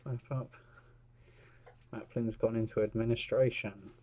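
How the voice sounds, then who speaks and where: Man repair tech talking through his work, chatty, low-ish voice. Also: steady tone, measured pace, mellow, muffled recording. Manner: chatty, commenting as he works. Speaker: repair technician. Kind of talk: narrating a repair while working. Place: repair workshop.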